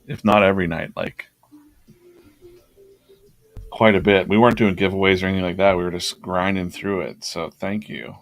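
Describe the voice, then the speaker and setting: A man's voice: low-pitched, normal speed, creaky, pauses often, no room sound, soft background music. A man hosting a drawing livestream, chatting casually and laughing as he rambles through his past sketches.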